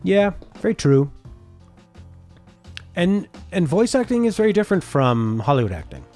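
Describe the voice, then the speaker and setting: A man's voice: high voice, sing-song, moderate pace, warm tone, soft background music. A man streaming a casual reaction chat, talking things over and reading viewer comments aloud before answering them. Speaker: streamer reacting to a game showcase.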